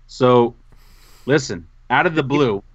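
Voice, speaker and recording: A man co-hosting a casual podcast, telling a self-mocking story in an animated way. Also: medium pitch, slow pace, highs cut off. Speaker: podcast co-host.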